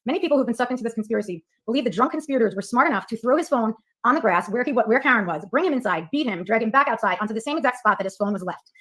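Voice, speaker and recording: Casting: woman narrating a scripted argument, very quick, slightly high, firm. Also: lively intonation, a bit bright. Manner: firm, argumentative, reads rhetorical questions.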